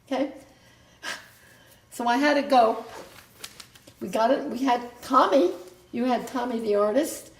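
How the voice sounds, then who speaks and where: Telling her grown child stories of the family's past, an older mother speaks in a fairly high voice, a little slow and with long pauses. The sound is reverberant, and she rambles, frequently cutting herself off mid-sentence and starting over.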